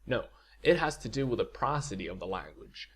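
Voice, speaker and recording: Husky-voiced man teaching pronunciation. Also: medium pitch, big pitch swings, brisk. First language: Swedish. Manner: upbeat, reassuring, explanatory. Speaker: language teacher. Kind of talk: video lecture.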